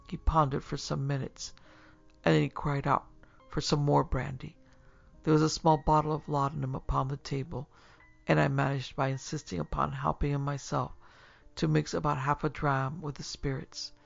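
Brief: man reading a story aloud, gravelly and flat, over a slightly muffled track with faint music. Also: a little high. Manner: steady, measured storytelling. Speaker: narrator. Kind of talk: scripted audiobook narration.

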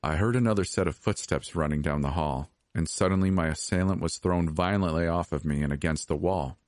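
A man reading a scripted horror story as podcast narrator, steady and measured. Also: low-pitched, no echo, clean studio sound.

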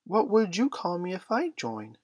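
A man voicing an eager small boy who speaks up quickly. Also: high voice, wildly swooping pitch, a little mellow, dry recording, clean studio sound, voice pushed up, heavily acted. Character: small excited young boy.

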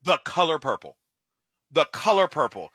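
A man's voice: on the high side, very animated, sharp tone, breathy edge, no echo, studio quality. A man co-hosting a comedy radio show, reacting emphatically and chiming in often. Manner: emphatic, jumps in with quick reactions. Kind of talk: casual comedy radio chat.

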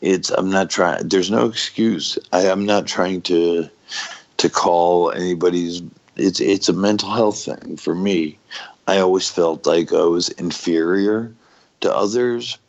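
A man's voice: low-pitched, a little slow, lo-fi sound. A middle-aged man, a former pro wrestler, talking candidly in an interview, raw and profane, stopping and restarting often.

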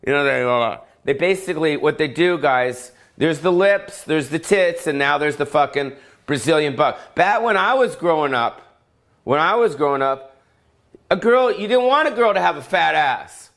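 A man's voice: a little high, animated, normal speed, fairly bright tone. A middle-aged male comedian ranting alone, profane and rambling, full of fillers and tangents. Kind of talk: solo comedic rant.

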